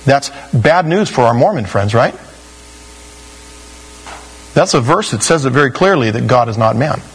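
A male pastor's husky, medium-pitched voice comes across expressive at a moderate pace, despite the rough recording. He delivers an expository sermon in a conversational, emphatic manner, often saying "you know."

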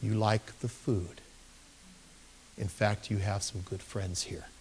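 A male pastor telling a story in a sermon, animated and given to bursts of excitement. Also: slow, slight background noise. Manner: animated, bursting into excited shouts at high points.

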